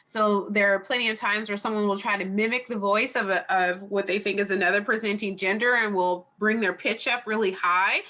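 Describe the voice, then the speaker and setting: A woman's voice: mid-range voice, fairly even intonation, a little fast, hardly any pauses, sharp tone. A woman college instructor giving an online class review lecture, chatty and digressive with lots of fillers, heard through a computer mic on a video call. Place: home or office on a video call.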